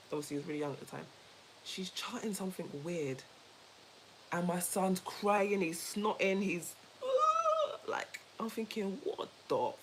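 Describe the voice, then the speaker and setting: Woman chatting on a podcast, kinda low voice, animated, repeats stuff for emphasis, laughs a lot. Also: a little hiss or hum, rough recording. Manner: animated, emphatic storyteller who repeats herself; laughs easily while talking. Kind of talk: casual chat with a co-host and viewers.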